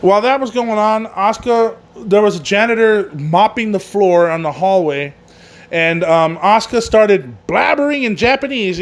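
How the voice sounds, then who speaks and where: A man's voice: high-pitched, moderate pace. A man hosting a casual wrestling podcast who rambles through a recap, swears often and laughs at his own jokes. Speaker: podcast host.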